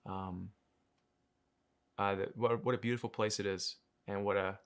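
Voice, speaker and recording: A man in his thirties, an actor, speaking reflectively in an interview, pausing often with fillers and restarting his sentences. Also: on the low side, fairly even intonation. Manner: thoughtful, pauses with many fillers and restarts.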